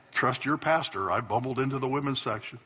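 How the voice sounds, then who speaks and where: A man's voice: mid-range voice, moderate pace, a bit bright, slightly rough. A man preaching a sermon to his congregation as pastor, telling stories with earnest bursts of emphasis. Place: church hall before a congregation.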